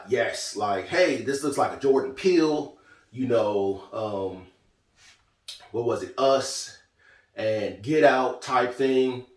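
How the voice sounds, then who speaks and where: A man giving a casual, chatty spoken review of a TV show, talking in a lively, conversational way. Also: mid-range voice, distant mic. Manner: chatty, lively, quotes characters in small voices. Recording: roomy echo, from off mic.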